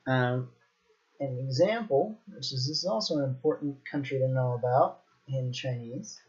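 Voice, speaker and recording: An American man teaching a language lesson on video, in a relaxed manner, repeating words slowly for learners. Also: mid-range voice, lo-fi sound. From United States.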